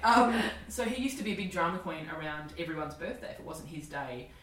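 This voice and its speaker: A woman's voice: deep voice, expressive, a little fast, reverberant, far from the mic, over a noisy crowd, low-quality recording. An Australian woman in her forties, a comedian telling candid stories in casual chat, laughing and swearing freely. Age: 40s. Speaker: comedian guest.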